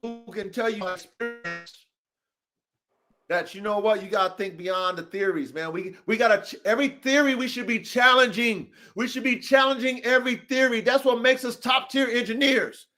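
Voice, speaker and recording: A man with a high-pitched voice hosts a live podcast, emphatic and full of swearing. He talks in a preachy, animated way. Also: moderate pace, faint music behind. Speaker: podcast host. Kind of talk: casual podcast discussion. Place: home studio on a live stream.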